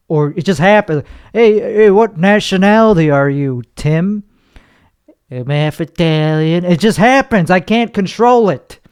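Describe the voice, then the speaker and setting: A man's voice: on the high side, smooth, dry recording, studio quality. A man hosting his own podcast from his bedroom, with a nasal voice, rambling through a crude, self-deprecating comedy monologue. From United States. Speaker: podcast host.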